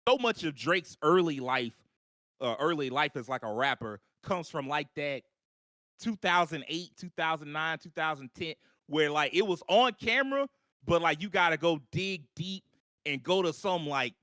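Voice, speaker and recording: Bright-voiced animated man in casual chat. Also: a little high, normal speed, dry recording, studio quality. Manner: animated, talks in long runs with "like" and quoted voices. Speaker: podcast co-host. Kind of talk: casual live-stream chat.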